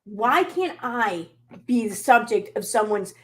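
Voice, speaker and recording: A woman's voice: a little high, lively intonation, takes it slowly. A woman hosting a commentary channel, reacting to clips with sarcastic, exasperated rants full of swearing.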